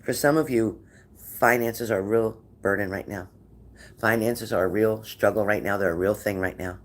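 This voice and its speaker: A man's voice: fairly low pitch, steady tone, moderate pace, a little hiss or hum. A man giving a tarot reading to viewers, talking in an encouraging way and often repeating his phrases. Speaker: tarot reader.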